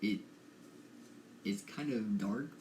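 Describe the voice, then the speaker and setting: A man's voice: fairly low pitch, slow, a little mellow. Hesitant young man in an echoey room. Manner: hesitant, repeats his words. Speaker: podcast co-host. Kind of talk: casual chat. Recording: echoey room with faint noise.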